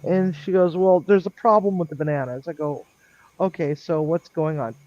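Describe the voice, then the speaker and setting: A man telling a long work story on a live stream in a rambling, chatty way, with lots of ums and lively quoted dialogue. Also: a little high, moderate pace, dry recording. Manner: chatty, lots of ums, animated when quoting others. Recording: dull lo-fi dry sound.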